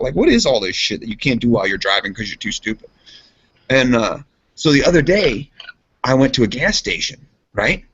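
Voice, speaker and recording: A man co-hosting a casual podcast, telling a rambling story and jumping into high voices for quotes. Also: very animated, fairly quick, a bit bright, breathy edge. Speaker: podcast co-host. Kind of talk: casual chat. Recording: dull lo-fi sound.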